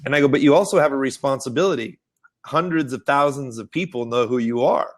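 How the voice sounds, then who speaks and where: A man hosting a marketing webinar, telling stories in a lively, animated way and acting out the people he quotes. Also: brisk. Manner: animated storyteller, acts out quotes in high excited voices. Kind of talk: casual webinar talk. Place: Austin.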